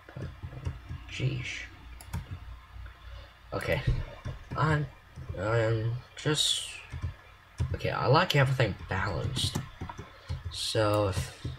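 A man with a lowish voice rambles self-consciously while building in a game, offering casual commentary as a game creator. The audio is poor, and mouse clicks and typing come through clearly.

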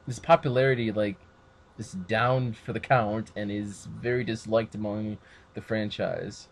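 A man's voice: on the low side, fairly even intonation, unhurried, a little hiss or hum. A man hosting a podcast, rambling casually in a laid-back way. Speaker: podcast host. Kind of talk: casual chat.

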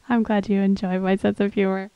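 A woman's voice: mid-range voice, very animated, normal speed, clear, resonant tone, no room sound, low-quality recording. A woman hosting a music livestream, chatting casually and rambling between songs with a tired voice. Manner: chatty, rambling, soft and laughing.

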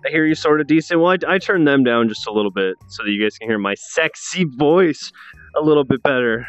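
A young man streaming a VR game, joking around and reacting loudly as he plays. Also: mid-range voice, a little fast, no echo, muffled recording, soft background music. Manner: excitable, jokey, loud reactions. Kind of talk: casual game commentary.

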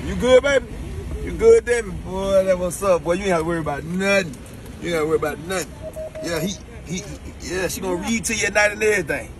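A man's voice: sits high, fast talker, noisy background. A man in a comedy sketch talking in laid-back Southern slang, chuckling often.

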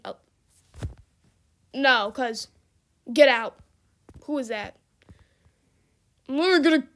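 A woman's voice: sits high, sharp tone. A young woman giving casual, dramatic gameplay commentary, laughing often and exclaiming. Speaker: gaming video creator.

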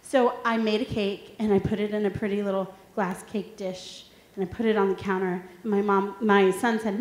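Her voice sits in the middle range, moving at a moderate pace with few pauses. A woman in her thirties leads a workshop before an audience in a big, echoey room, mixing lively funny anecdotes with questions for the listeners in a humorous motivational talk.

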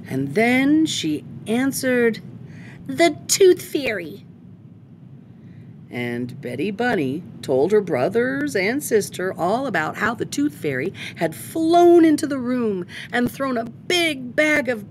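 A woman host reading a children's picture book aloud, expressive and unhurried. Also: a little high, slight background noise. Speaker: storytime host.

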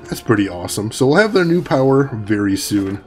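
A man's voice: lowish voice, very animated, a little fast, a little mellow, faint music behind. A man casually commenting on his game while chatting with viewers and laughing often. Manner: chatty, reads chat aloud, laughs often. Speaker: gaming streamer. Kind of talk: casual let's-play commentary.

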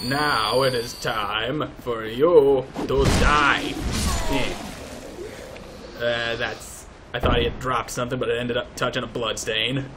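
A young man giving let's play commentary, mock-pompous and swearing, shouting insults at enemies. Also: medium pitch, fairly even intonation, takes it slowly, background noise. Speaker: gaming YouTuber.

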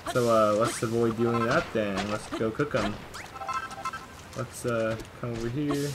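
A man's voice: medium pitch, steady tone, unhurried, loud music behind the voice. A man hosting a let's play, talking through casual gameplay commentary and mumbling to himself as he reads game text aloud.

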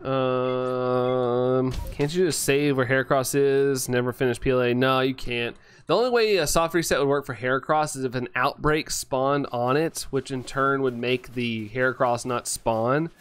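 A man's voice: medium pitch, moderate pace, soft background music. A young man chatting casually as a game streamer, rambling with lots of fillers and often laughing. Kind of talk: casual chat while playing, reading chat.

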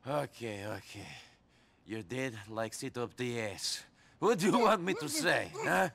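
A sardonic war veteran. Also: male voice, mid-range voice, lively intonation, a little slow, gravelly, a bit bright. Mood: defiant. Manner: dry, sardonic. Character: weary, blunt male war veteran immigrant. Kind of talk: video game cutscene acting.

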